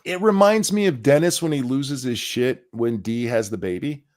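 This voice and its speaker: A man's voice: mid-range voice, moderate pace. A man co-hosting a podcast in casual chat, sardonic and profane, with frequent sighs. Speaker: podcast co-host.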